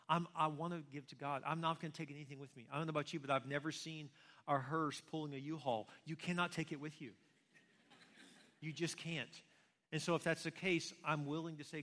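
Man, pastor, sermon, rapid delivery, rhetorical questions, reverberant hall. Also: a little high, fairly bright tone. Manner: conversational preaching with rhetorical questions. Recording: long reverb of a large hall.

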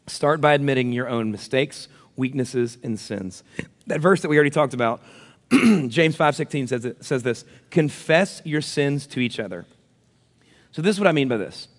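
A man in his thirties, a pastor, giving a sermon with animated, self-deprecating stories. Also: medium pitch, in a large hall. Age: 30s.

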